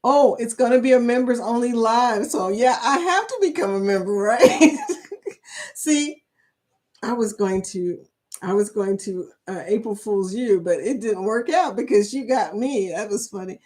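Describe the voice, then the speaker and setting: A woman's voice: on the high side, expressive, normal speed, darkish tone. A woman hosting a live stream chat, reading viewer comments aloud, laughing often and speaking. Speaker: livestream chat host.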